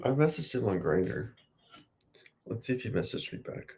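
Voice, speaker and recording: A man's voice: lowish voice, sing-song, normal speed, darkish tone. A man in his late thirties talking casually to the camera in a rambling, self-encouraging vlog. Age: late 30s. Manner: chatty, self-encouraging, wandering. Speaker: vlogger.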